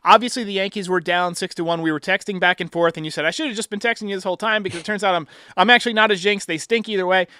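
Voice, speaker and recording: Male sports podcast host, smooth clear voice, animated storyteller. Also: high-pitched, racing, dry recording, studio quality. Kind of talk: casual sports chat.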